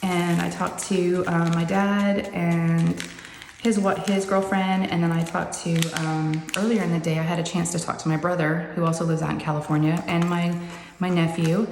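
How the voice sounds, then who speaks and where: Chatting from her upstairs craft room with the door shut, this crafting-channel host wanders from topic to topic and calls her viewers "y'all." Her voice sits fairly low, a little mellow, with a level tone and a moderate pace. The recording carries long reverb from the echoey room, plus faint background noise.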